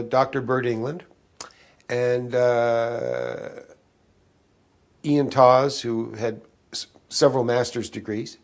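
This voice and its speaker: A man of seventy, an interview guest, recalling old secrets in a rambling way, with frequent restarts and fillers. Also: mid-range voice. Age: 70s. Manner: halting, many restarts and fillers, conspiratorial tone.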